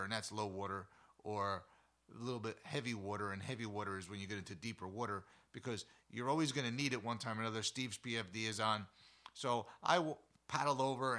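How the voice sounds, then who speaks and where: Guy hosting an outdoor show, bright sharp voice, rambly animated storytelling. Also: medium pitch. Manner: rambling, animated, full of asides. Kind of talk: casual storytelling.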